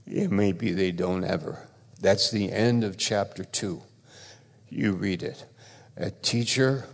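Gravelly-voiced male preacher in a reverberant hall. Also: on the low side. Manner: emphatic, repeats phrases, swings between loud stresses and quiet asides. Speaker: pastor. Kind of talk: sermon. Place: church.

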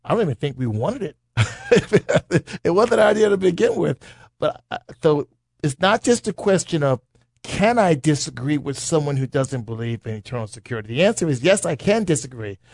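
A man who is a pastor, speaking in a conversational Bible teaching talk, forceful and repetitive, building his points as lists. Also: a little high, very animated, normal speed, dry recording, clean studio sound.

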